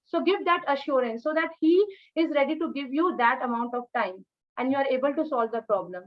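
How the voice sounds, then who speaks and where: High-voiced Indian woman coaching a candidate. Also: a little fast. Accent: Indian English. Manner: instructive, repeats points with "okay?" checks. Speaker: mock interviewer giving feedback. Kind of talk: coaching feedback after a mock interview. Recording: muffled lo-fi audio.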